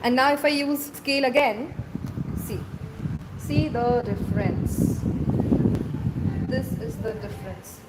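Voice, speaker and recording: High-voiced Indian woman teaching doodling. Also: moderate pace, heavy background noise. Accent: Indian English. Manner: instructive, checks in often with the viewer. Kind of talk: casual step-by-step drawing tutorial.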